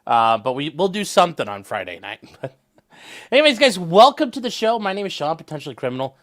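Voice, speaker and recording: A male lawyer hosts a casual livestream from home, rambling and chatty and often turning aside to coo at his pets. His voice is bright and forward, with a lively pitch that rises and falls widely. It sits a little high for a man. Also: fairly quick. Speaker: attorney and livestream host.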